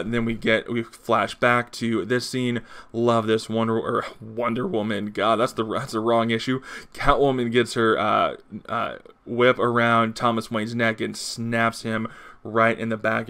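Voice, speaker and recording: Gravelly man rambling through a comic review. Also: mid-range voice, sharp tone. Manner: rambling, enthusiastic, full of fillers. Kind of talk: casual video review.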